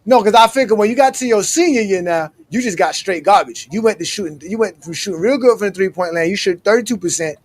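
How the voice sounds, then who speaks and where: A man's voice: high-pitched, quick pace, hardly any pauses. A male host ribbing his guest in a casual sports chat, rattling off old stats to tease him.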